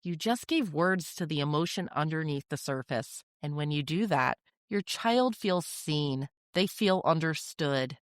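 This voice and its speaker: A woman hosting a parenting podcast, giving measured, reassuring instructional talk. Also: low voice, animated, no echo, clean studio sound.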